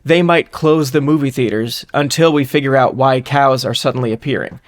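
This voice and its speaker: A man's voice: mid-range voice, brisk. A man co-hosting a podcast, reasoning through a hypothetical in casual, rambling chat with a wry edge. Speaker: podcast co-host.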